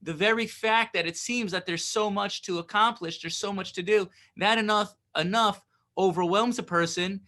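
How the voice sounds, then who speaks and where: A man's voice: high-pitched, fairly even intonation, moderate pace, pushed and bright. A man teaching a Torah lesson, reading Hebrew phrases and explaining them in casual English, often checking in with "right?".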